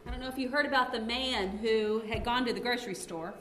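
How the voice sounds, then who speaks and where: Woman, storyteller to mothers, somewhat high voice, echoey room. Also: fast, slight background noise. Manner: warm anecdotal storytelling with laughs. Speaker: speaker at a mothers' gathering. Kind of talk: storytelling talk with interpreter.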